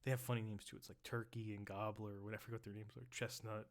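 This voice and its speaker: A man's voice: lowish voice, level tone, rapid-fire. A man as a professor reading a text aloud on a live stream, breaking into loose, chatty explanations with the odd whispered aside.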